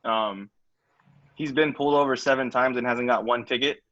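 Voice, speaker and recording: A young man chats through a story about a friend in an easygoing podcast style. His voice is bright, and the recording sounds a little muffled. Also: medium pitch, steady tone, moderate pace, no echo. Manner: loose, chatty storytelling. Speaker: podcast co-host. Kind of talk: casual storytelling chat.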